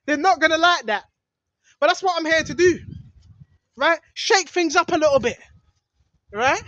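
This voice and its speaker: A man preaches on a vlog from a small hidden spot in the woods. His voice sits high, and he rambles with emphasis, often tacking on "right?". The sound is dull and lo-fi, with very little echo. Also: lively intonation, normal speed, bright, forceful tone. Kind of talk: outdoor religious vlog monologue.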